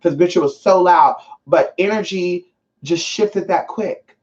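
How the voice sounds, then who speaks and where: A woman's voice: fairly low pitch, unhurried, darkish tone, dull audio. A woman hosting a livestream from home as a spiritual teacher. She talks in a casual, sassy and emphatic way and swears freely.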